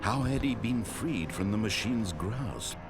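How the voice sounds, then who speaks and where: A man's voice: lowish voice, expressive, unhurried, over music. A man voicing a grand, all-knowing storyteller narrator in a video game, with a dramatic, swelling delivery.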